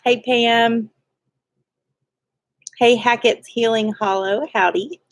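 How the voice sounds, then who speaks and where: A woman's voice: a little high, steady tone, slow pace, no echo, clean studio sound. A woman, co-hosting a homestead livestream and cheerfully greeting viewers by name with frequent laughs. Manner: cheerful, laughs often, reads viewer names.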